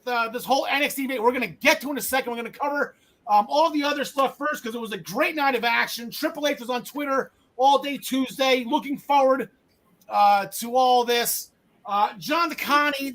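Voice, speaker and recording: Male podcast host, high-pitched, rambling, quick to joke and self-correct. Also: pushed and bright, poor audio. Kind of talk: casual wrestling podcast chat.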